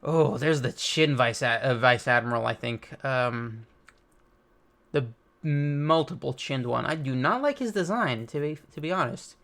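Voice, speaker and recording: A man's voice: medium pitch, expressive, measured pace, a bit bright. A man hosting a manga reaction video, reading the chapter aloud and dropping casual comments between the lines. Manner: casual, reads dialogue aloud with light commentary.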